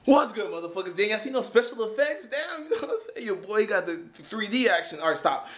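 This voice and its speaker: A young man talking straight to a handheld camera in a crude, joking vlog. His voice sits high and sounds bright and forceful. Every so often he breaks into loud, shouted hype. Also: big pitch swings, fast. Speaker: fitness vlogger. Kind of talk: casual vlog chat to camera. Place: gym and home.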